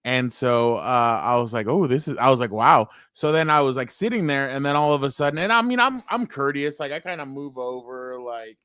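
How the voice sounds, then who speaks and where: A man with a smooth, resonant voice tells a story on a podcast and acts out the people in it. He is recorded close and dry, with no room sound. His pitch sits in a middle range. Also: lively intonation, brisk, few pauses, fairly bright tone, no echo. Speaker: podcast co-host. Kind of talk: casual chat, storytelling.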